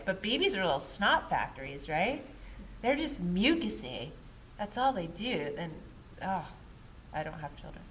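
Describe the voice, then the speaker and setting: A woman's voice: fairly low pitch, a bit bright, slight background noise, rough recording. A woman teaching a casual Ayurveda class at a yoga studio. She talks in a chatty way, keeps asking "right?" and laughs at herself.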